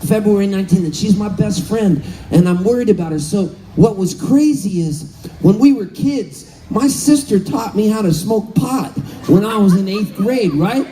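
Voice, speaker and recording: A man in his fifties from Southern California, telling a story on stage between songs, animated and laughing, calling out to the crowd. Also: sits high, moderate pace, low-quality recording. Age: 50s. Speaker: musician. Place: live concert stage.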